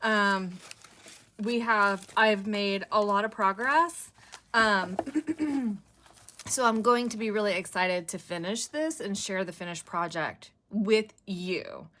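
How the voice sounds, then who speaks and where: A woman's voice: medium pitch, takes it slowly, bright, forceful tone. A middle-aged woman hosting a craft video, chatting casually and thinking aloud as she works. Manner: chatty, giggly, thinks aloud while working. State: a bit winded.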